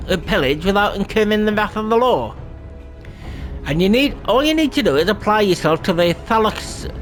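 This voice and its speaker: A man voicing a gruff, swaggering male pirate guild boss, reading the lines with stumbles. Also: high-pitched, fairly bright tone. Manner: blunt, salty talk read aloud with stumbles.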